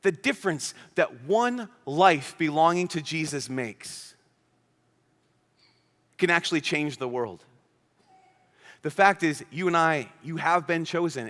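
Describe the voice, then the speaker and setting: Animated preacher in a reverberant hall. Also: male voice, a little high. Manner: animated storytelling, acts out quoted characters. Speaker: priest. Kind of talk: youth conference homily. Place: large conference hall.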